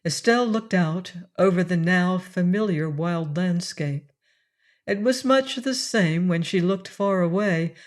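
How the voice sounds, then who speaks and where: A woman narrating an audiobook in a measured, unhurried reading. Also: fairly low pitch. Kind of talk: scripted narration.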